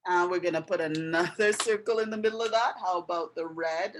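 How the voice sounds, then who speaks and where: A woman's voice: on the low side, brisk, a little hiss or hum, poor audio. A middle-aged woman giving a patient step-by-step art and writing lesson, often checking in with the viewer. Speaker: art and language tutor.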